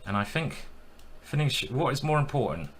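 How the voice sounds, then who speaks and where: A man's voice: mid-range voice, sing-song, moderate pace. A man streaming his chess games, thinking aloud with self-deprecating commentary.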